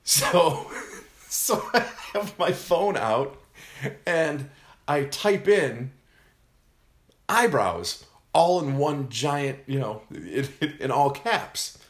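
Man, lively rising and falling pitch, fairly high voice, casual storytelling, echoey room. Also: drawn-out words. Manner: animated, laughs often, acts out quotes.

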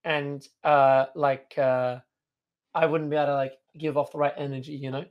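Young man, streamer guest, casual chat, hesitant and rambling, fairly high voice. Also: level tone, normal speed, muffled recording. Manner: rambling, hesitant, many fillers and swearing.

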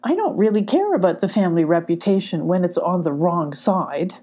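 A woman's voice: on the low side, lively intonation, brisk, warm tone. A woman voicing a rebellious young male dog who argues earnestly in a storybook reading. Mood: defiant. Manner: earnest, argumentative.

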